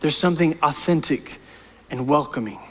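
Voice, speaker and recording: A man's voice: fairly high pitch, normal speed, in a large hall. A man preaching as pastor, impassioned and emphatic, often repeating and restarting words. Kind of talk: sermon. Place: church sanctuary.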